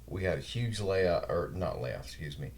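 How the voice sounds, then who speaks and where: Very deep-voiced man podcast host. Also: moderate pace, vocal fry, slight background noise. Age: 40s. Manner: relaxed, rambling anecdotes with mild swearing. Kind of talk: casual chat.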